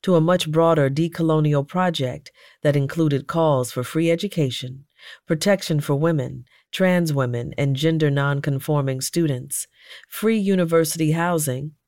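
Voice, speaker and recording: A man narrating a memoir audiobook in a measured, earnest reading style. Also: fairly high pitch, a little mellow, no echo, studio quality. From United States.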